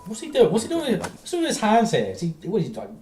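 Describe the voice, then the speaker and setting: A man hosting a reaction stream, swearing and exasperated, breaking into shouting outbursts. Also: high-pitched, wildly swooping pitch, quick pace, roomy sound, soft background music. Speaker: stream host reacting to videos. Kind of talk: drunk reaction stream commentary.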